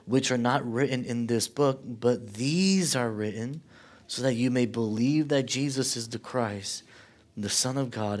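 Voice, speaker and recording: A man preaching a sermon, his voice pushing louder as he builds through rhetorical questions and sinking quiet when he quotes. His pitch sits in an ordinary middle range. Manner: impassioned preaching, swelling louder on questions and dropping low for quotes. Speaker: pastor.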